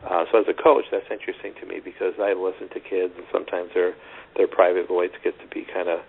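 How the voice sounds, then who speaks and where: A man's voice: deep voice, level tone, fast talker, vocal fry, slightly rough. A middle-aged man, a tennis coach, telling stories earnestly in a phone interview, rambling with restarts. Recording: tinny phone line with faint hiss.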